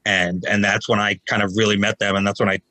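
A man in his forties telling stories casually as a podcast guest, animated and raising his voice to act out quotes. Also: fairly low pitch, fast, dry recording, low-quality recording. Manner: animated, acts out quotes in raised voice. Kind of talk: casual storytelling.

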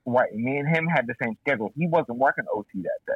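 In casual podcast chat, a man animatedly tells a profane story, acting out other people's lines. His mid-range voice is quick and slightly rough. The recording is muffled with no room sound.

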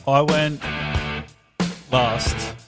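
A man's voice: mid-range voice, steady tone, very slow, over music. A man co-hosting a podcast in casual chat, often laughing and trailing off mid-sentence. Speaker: podcast co-host.

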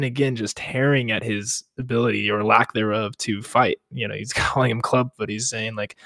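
A man's voice: lowish voice, normal speed, creaky, hardly any pauses, no echo. A man co-hosting a podcast who reads passages aloud and comments on them in a casual, enthusiastic way. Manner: reads dialogue aloud, then comments excitedly. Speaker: podcast co-host. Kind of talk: casual book discussion.

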